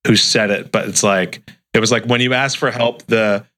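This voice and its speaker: A man's voice: fairly low pitch, steady tone, normal speed, sharp tone. A man hosting a podcast interview, enthusiastic and casual, often repeating words. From United States. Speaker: podcast host.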